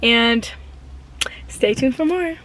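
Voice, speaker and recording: A young woman talks straight to her camera in a chatty, gushing vlog style, full of slang. Her voice sits high and bright in pitch. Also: expressive, slow, slight background noise. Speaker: vlogger. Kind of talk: casual chat to camera.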